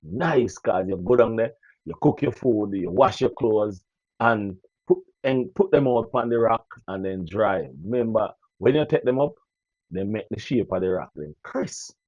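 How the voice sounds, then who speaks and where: A Jamaican man vlogging to his viewers in casual patois, animated and preachy, often repeating phrases. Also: on the low side, unhurried, no echo. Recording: dull lo-fi dry recording.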